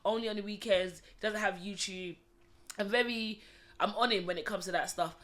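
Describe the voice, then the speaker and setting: A woman, a podcast guest telling animated stories in casual chat. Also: mid-range voice, moderate pace. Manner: animated storyteller, swears emphatically.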